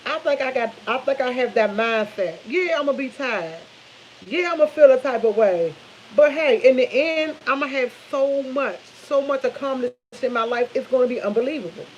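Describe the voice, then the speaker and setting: Woman in her fifties, chatty vlogger, slightly high voice, dull lo-fi sound with faint hiss. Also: normal speed. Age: 50s. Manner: chatty, animated storytelling with laughs, addresses viewers as y'all. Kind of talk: casual chat. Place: home kitchen while cooking.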